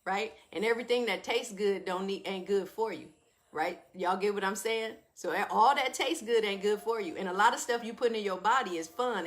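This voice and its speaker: Brief: woman host, familiar and preachy, laughs a lot, mid-pitched. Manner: familiar and preachy, addresses listeners as y'all, laughs often. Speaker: wellness talk host. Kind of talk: live wellness talk to an audience.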